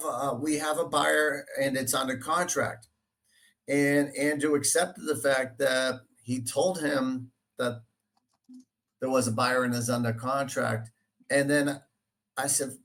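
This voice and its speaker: A man with a Boston accent, from Dorchester, Massachusetts, chats as a real estate guest. He speaks haltingly, piling up fillers and restarts as he works through his points. His voice sits at an ordinary middle pitch. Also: fairly even intonation, fairly bright tone. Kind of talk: casual interview.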